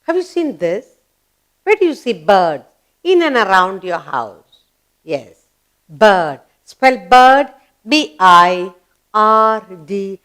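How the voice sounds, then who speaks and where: A woman with an Indian English accent teaching a children's grammar lesson, spelling words out letter by letter in a slow teacherly voice. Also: mid-range voice, big pitch swings, a bit bright, clear, resonant tone.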